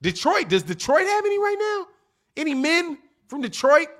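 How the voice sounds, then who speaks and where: A man with an unusually high voice hosts a casual livestream. He rambles quickly and teases his viewers with cocky trash talk, often restarting his sentences. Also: sing-song, fairly bright tone. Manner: cocky, teasing, trash-talking; fast, rambling, with restarts and laughs. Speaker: livestream host.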